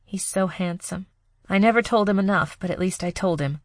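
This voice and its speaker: A woman's voice: mid-range voice, normal speed, dry recording, clean studio sound, close to an everyday voice. A woman narrator voicing a young woman trapped in poison gas, talking in a breathless, pleading, sleepy way. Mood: despairing, drowsy.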